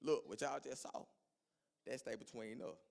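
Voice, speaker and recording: A man's voice: mid-range voice, normal speed, vocal fry, a little mellow, pitched below the performer's own voice. A male pastor voicing Jesus in a sermon, speaking to his disciples in casual vernacular. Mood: earnest. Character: Jesus, calm man teaching his friends.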